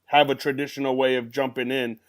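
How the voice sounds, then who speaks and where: A man's voice: mid-range voice, flat delivery, a little fast. A man hosting a casual conversation, affirming his guest and thinking aloud in images. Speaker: host.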